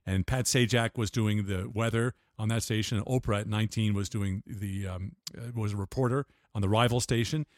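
A man's voice: on the low side, fairly even intonation, fairly quick, hardly any pauses, dry recording, studio quality. An older man, a guest on an interview show, telling rambling stories with restarts and laughs. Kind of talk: casual storytelling interview.

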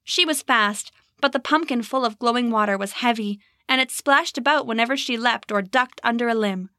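A woman narrating a storybook in an expressive, measured way. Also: a little high, no room sound, clean studio sound. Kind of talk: storybook reading.

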